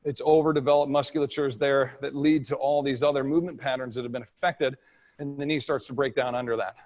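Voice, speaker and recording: A man's voice: mid-range voice, poor audio. A man presenting at a live fitness workshop and answering questions in a casual, practical way.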